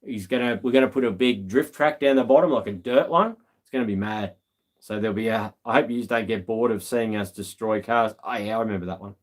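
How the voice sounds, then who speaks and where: A man's voice: fairly low pitch, brisk. An Australian man hosting a live stream, telling stories in a laid-back, slangy way with lots of ums. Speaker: livestream host. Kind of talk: casual live-stream chat.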